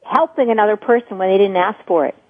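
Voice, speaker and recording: Breathy woman explaining over the phone. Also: mid-range voice, fast talker, dry recording. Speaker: couples therapist. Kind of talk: radio talk. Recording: dry phone-line radio sound.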